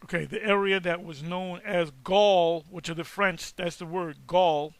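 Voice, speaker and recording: Gravelly high-voiced man lecturing emphatically. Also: fairly even intonation, no echo. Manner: emphatic, halting, with many restarts. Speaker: online teacher. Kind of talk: casual lecture reacting to search results.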